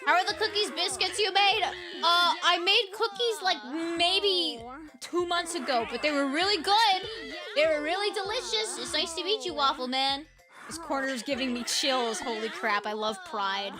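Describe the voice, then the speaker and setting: A young woman giving casual, playful gameplay commentary as a YouTuber, chatty and quick to giggle. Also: very high-pitched, crowd noise. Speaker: gaming YouTuber. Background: game music.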